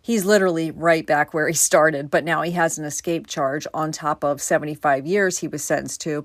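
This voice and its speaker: A woman's voice: low voice, dry recording, studio quality. A woman hosting a true crime podcast, telling the story in a conversational way with casual asides. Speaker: podcast host.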